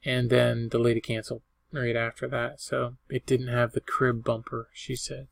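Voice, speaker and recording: An older man with a medium-pitched, monotone voice and vocal fry speaks at a moderate pace, with no echo. In a casual show-and-tell vlog, this eBay reseller rambles folksily through items he resold, listing prices paid, sale prices, and dates.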